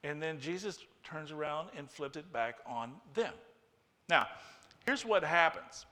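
Male pastor, lively sermon delivery, fairly high bright voice, long hall reverb. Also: unhurried. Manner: animated, acts out quoted voices.

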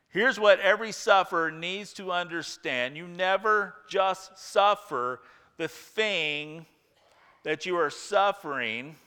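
Emphatic preacher in a reverberant hall. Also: male voice, fairly high pitch, smooth. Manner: emphatic, repeats key phrases, swings from loud to hushed. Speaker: pastor. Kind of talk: sermon.

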